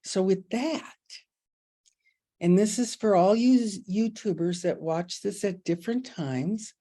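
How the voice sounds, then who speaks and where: A middle-aged woman leading an online spiritual group over a video call, talking in a folksy, expressive way and calling listeners "honey.". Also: mid-range voice, takes it slowly. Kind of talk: casual spiritual talk.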